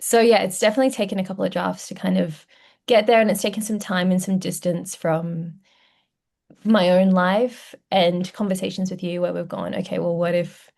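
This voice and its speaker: An Australian woman, an actor and writer, guesting on a casual podcast. Her voice sits a bit low with a gravelly fry running through it. She speaks reflectively and considers her words. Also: steady tone, normal speed, a little mellow.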